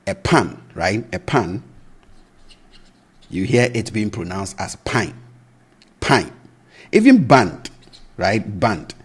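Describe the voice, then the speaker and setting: A man with a very deep, husky voice teaches a language lesson. He speaks slowly and patiently. He repeats each word to show how it is pronounced and keeps asking "right?" to check the listener is following. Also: big pitch swings. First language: Twi. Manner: patient, repeats words slowly for pronunciation, often asks "right?".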